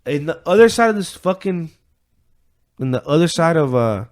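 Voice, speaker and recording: Male podcast co-host with a slightly raised pitch, telling a story in a swearing, rambling style. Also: sing-song, normal speed. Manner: profane, rambling retelling with filler words; acts out quoted voices. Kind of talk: casual chat, retelling a story.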